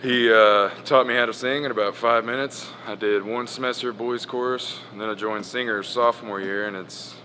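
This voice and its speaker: A man's voice: medium pitch, steady tone, moderate pace, hardly any pauses, sharp tone, slight background noise. A former choir member, a man, speaking sincerely and gratefully in a documentary interview, with hesitant restarts.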